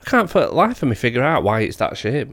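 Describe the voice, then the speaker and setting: A man's voice: medium pitch, sing-song, fast talker, fairly bright tone, no echo. A man with a Northern English accent, co-hosting a podcast with blunt, sweary banter. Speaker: podcast co-host. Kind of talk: casual chat.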